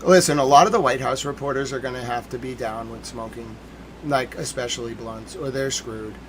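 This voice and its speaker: A man's voice: mid-range voice, a little fast, over a noisy crowd. A man hosting a livestream, riffing in a casual, joking monologue and laughing at his own ideas. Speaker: host of a nightly news recap stream.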